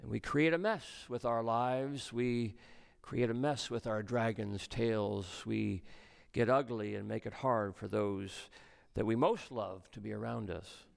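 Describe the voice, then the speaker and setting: A male pastor preaching a sermon, swinging between soft, low passages and raised, emphatic ones. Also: fairly even intonation, a little slow, gravelly.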